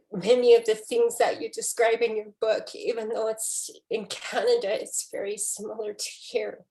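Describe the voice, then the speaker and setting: Woman speaking through tears, halting. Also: a little high, a little mellow. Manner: emotional, halting, many restarts. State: tearful. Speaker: poet in conversation. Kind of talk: conversational book discussion.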